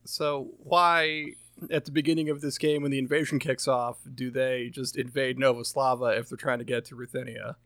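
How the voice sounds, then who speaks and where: A man's voice: medium pitch, flat delivery, normal speed, a bit bright, dry recording. A man co-hosting a casual gaming podcast, wry and casually swearing. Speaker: podcast co-host.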